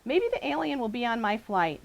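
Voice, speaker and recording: A woman author addressing a book signing audience and reading her novel aloud with a lively, expressive delivery. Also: on the high side, a little fast, gravelly, poor audio.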